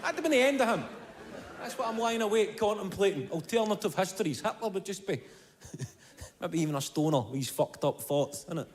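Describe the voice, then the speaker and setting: A Scottish man in his thirties doing stand-up comedy, telling an animated, profane story. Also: high-pitched, fairly quick.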